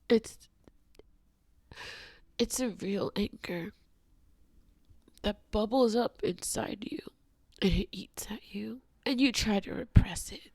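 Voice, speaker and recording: Woman vlogger ranting, lots of swearing, goes from whispering to shouting, mid pitch, dry sound. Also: slow, long pauses, breathy edge, no echo. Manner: profane, swings from hushed whispers to shouting. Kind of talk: angry confessional rant to camera.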